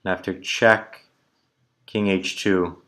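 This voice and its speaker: A man's voice: low voice, fairly even intonation, takes it slowly, fairly bright tone. A man thinking aloud as he solves chess puzzles, muttering moves in short clipped phrases. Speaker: chess player solving tactics puzzles. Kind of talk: thinking aloud while calculating.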